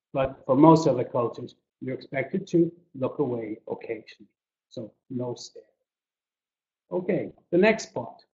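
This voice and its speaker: A man giving a business English webinar, explaining points slowly with examples and acting out intonation. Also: on the high side, warm tone. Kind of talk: webinar lecture. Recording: dull lo-fi echoey webinar audio.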